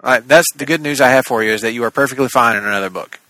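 Man, podcast co-host, bright voice, dry close sound, rambling and animated. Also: medium pitch, racing, dry recording, rough recording. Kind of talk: casual chat about comics.

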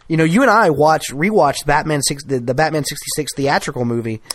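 A man's voice: fairly high pitch, a little fast, a bit bright, dry recording. A man co-hosting a podcast, chatting casually and enthusiastically, often restarting his sentences. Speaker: podcast co-host. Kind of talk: casual chat.

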